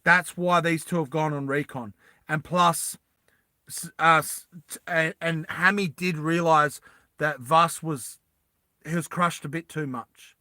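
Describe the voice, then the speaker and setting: Animated rambling man telling a story. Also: fairly high pitch, a little slow, dry recording. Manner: rambling, animated, many restarts. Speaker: streamer pitching a film story. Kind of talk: casual storytelling to a live chat.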